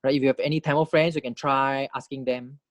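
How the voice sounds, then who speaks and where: A man teaching a phonetics lesson, explaining consonant types in a patient, explanatory way, demonstrating sounds slowly and checking in with "right?" and "okay". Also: mid-range voice, fairly even intonation, dry recording, muffled recording. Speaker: language teacher. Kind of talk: phonetics lecture.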